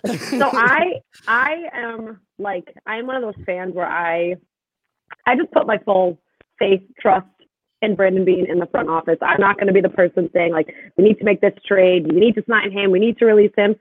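A woman's voice: medium pitch, normal speed, no echo. A woman guest chatting casually on a podcast, giggly and self-deprecating. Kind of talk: casual chat. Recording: tinny phone line.

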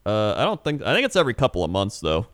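A young man chatting casually and telling an animated story, acting out quotes and laughing often. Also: lowish voice, quick pace, no echo, clean studio sound. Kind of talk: casual chat.

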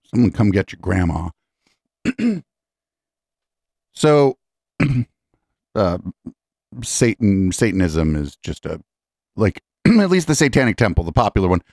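A man hosting a live podcast in casual commentary, profane and rambling, often clearing his throat. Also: deep voice, big pitch swings, slow pace, long pauses, darkish tone, dry recording, studio quality. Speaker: podcast host.

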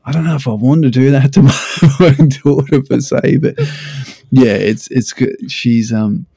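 A man's voice: mid-range voice, a little slow, creaky, mellow, slightly rough, no echo. A man co-hosting a casual parenting chat, telling easygoing stories about his family. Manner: easygoing, storytelling, laughs between stories. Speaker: podcast co-host, father. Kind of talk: casual conversation.

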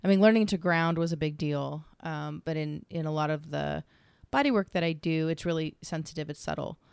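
A woman's voice: low voice, brisk, gravelly, clean tone, no room sound. A middle-aged woman who works as a massage therapist, chatting casually and laughing often as she talks through a questionnaire. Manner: chatty, laughs often, quotes others in lively voices. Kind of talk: casual chat, answering a questionnaire together.

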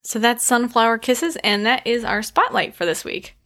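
A woman co-hosting a casual podcast, chatty and quick to laugh as she reads out listener shout-outs. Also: fairly high pitch, expressive. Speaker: podcast co-host.

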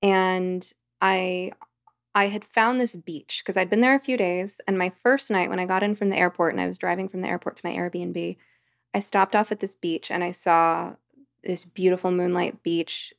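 Gravelly-voiced woman telling a story. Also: fairly low pitch, level tone, normal speed, no echo, clean studio sound. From United States. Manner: rambling, vivid anecdotal storytelling with fillers. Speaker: podcast guest. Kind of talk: storytelling in conversation.

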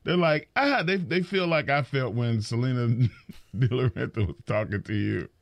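A middle-aged man in a casual chat about wrestling, telling animated stories and acting out quotes, often repeating words as he starts. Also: mid-range voice, moderate pace, vocal fry, no room sound. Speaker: wrestling podcast co-host.

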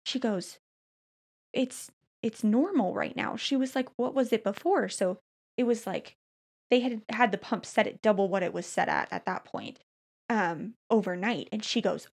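A woman's voice: medium pitch, creaky, husky. A woman in casual conversation, animatedly recounting a painful hospital night with many fillers and restarts. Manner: animated storytelling, frequent fillers and restarts, quick laughs. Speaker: storyteller recounting a hospital stay. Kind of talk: casual chat.

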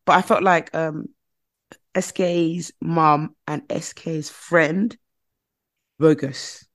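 A woman's voice: deep voice, steady tone, slow pace. A woman, co-hosting a podcast in casual chat, blunt and opinionated, often restarting her phrases as she talks. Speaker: podcast co-host.

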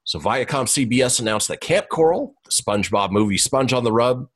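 A man's voice: mid-range voice, animated, brisk. A man co-hosting a podcast, reading entertainment news and chatting casually, laughing often and tripping over names. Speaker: podcast co-host.

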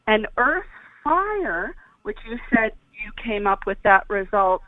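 A woman calling in as a guest, explaining things in a deliberate, unhurried way. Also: mid-range voice, no echo. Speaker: guest on a call-in show. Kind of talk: explaining on a phone-in. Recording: dry tinny phone line.

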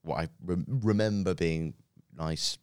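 A man with a very low voice tells a story as a podcast guest, pausing often with ums and uhs. His tone is smooth and resonant, close and dry on the mic in a studio. The delivery is loose and unscripted. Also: a little mellow, no room sound. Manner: rambling, hesitant with many fillers. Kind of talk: casual storytelling chat.

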